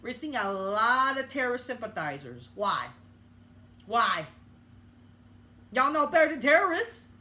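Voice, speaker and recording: A young woman delivering an angry political rant as a vlogger, swearing often and breaking off into halting restarts. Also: fairly high pitch, big pitch swings, bright, forceful tone. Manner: heated, profane, halting with many restarts.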